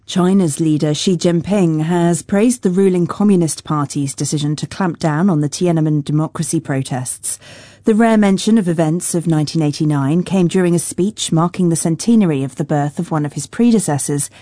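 A woman reading a radio news bulletin in a measured, formal studio delivery. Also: low voice, dark tone, no room sound. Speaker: newsreader. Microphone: studio microphone.

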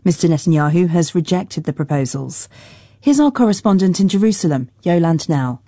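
A woman reading a radio news bulletin in a measured, formal studio delivery. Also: fairly low pitch, warm tone, no echo. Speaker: newsreader. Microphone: studio microphone.

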